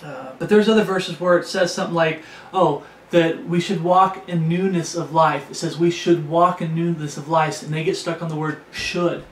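Man, preacher, earnest sermon, fairly high-pitched, roomy echo, faint background noise. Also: steady tone, normal speed, few pauses. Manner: earnest, repetitive, restarts and stumbles.

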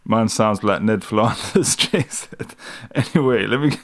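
A man's voice: fairly low pitch, a little slow. A British man giving casual live commentary on a news clip, mocking and laughing often, with slangy speech. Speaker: streamer reacting to news.

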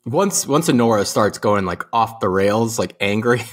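A man's voice: on the low side, expressive, measured pace. A young man co-hosting a podcast, chatting casually about a film, laughing often and swearing. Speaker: podcast co-host. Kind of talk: casual movie review chat.

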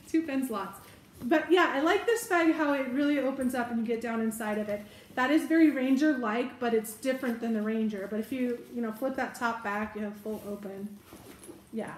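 A woman's voice: on the high side, a little hiss or hum. Chatty, giggly woman in an echoey room. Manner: chatty, giggly, self-correcting asides. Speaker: bag reviewer. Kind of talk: casual product review.

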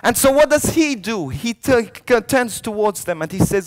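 A priest telling a story in a youth sermon, swinging from soft lines to loud ones and often restarting his words. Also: sits high, moderate pace, few pauses. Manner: animated storyteller, jumping between hushed lines and loud shouted quotes; frequent restarts and repeated words.

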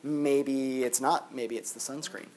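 Speaking at an unhurried pace with a medium-pitched voice, a male philosophy professor chats his way through a university lecture. He's animated and leans heavily on "like" as filler.

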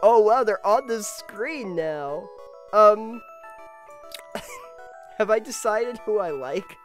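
A man's voice: high voice, lively intonation, slow pace, faint music behind. Giggly man doing let's-play commentary. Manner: giggly, reads game dialogue aloud with jokes. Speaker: streamer.

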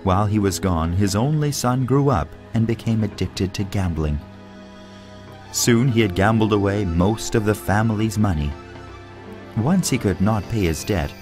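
A man narrating an audiobook for English learners in a lively, expressive storytelling manner. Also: on the low side.

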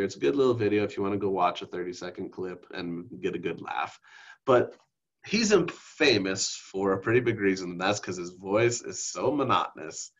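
A man with a low voice teaches speech delivery from his slides, admitting he is naturally monotone. He peppers the talk with "okay?" and sinks into flat, deep examples to make his points. The recording is muffled and lo-fi. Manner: self-described monotone, drops into deep exaggerated demos; frequent "okay?" check-ins. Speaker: instructor. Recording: dull lo-fi recording.

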